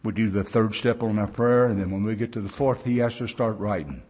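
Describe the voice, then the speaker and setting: A man's voice: fairly low pitch, a little fast, darkish tone, breathy edge. Folksy older American man telling his story. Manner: folksy storyteller, plain-spoken grammar, acts out quoted speech. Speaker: recovery meeting speaker. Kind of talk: personal recovery story told to a conference crowd. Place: large conference gathering.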